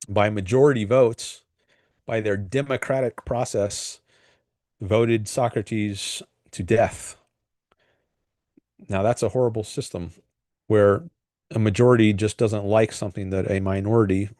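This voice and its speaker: Low-voiced man musing hesitantly. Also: a little mellow, no room sound, studio quality. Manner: thoughtful, hesitant with many fillers and restarts. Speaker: livestream host. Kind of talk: casual solo commentary.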